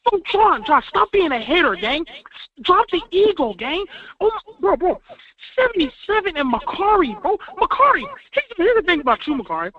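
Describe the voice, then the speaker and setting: A man calling in to a sports talk show, ranting as a fan and swinging between booming outbursts and low mutters. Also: sing-song, normal speed. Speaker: caller. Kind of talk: fired-up fan rant. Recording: dull lo-fi call audio.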